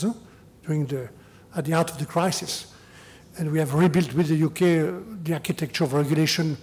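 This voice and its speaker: Answering lecture questions in a big hall, the EU chief negotiator speaks measured English with a French accent; he is an older man with a slightly high, darkish voice. Repeated words fill his search for phrasing, and a questioning "huh?" drives each point home.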